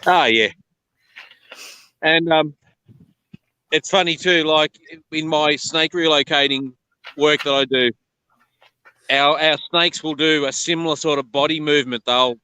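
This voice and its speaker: A man's voice: a little high, unhurried, pauses often, smooth, dry recording, low-quality recording. Australian man, snake relocator, indignant storyteller, dry close sound. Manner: animated, blunt, indignant storyteller. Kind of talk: casual chat on a video call.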